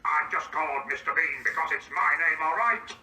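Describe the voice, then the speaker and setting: An indignant, easily baffled grown man is voiced by a synthetic male speaker with a fairly high pitch and sharp tone. He announces his own stage directions before each line at a steady, moderate pace, and the recording comes across echoey and far off, with faint background hiss.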